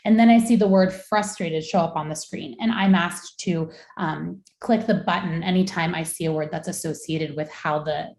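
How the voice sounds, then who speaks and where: A young adult woman giving a measured, explanatory academic lecture as a researcher. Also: lowish voice, darkish tone. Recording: echoey room.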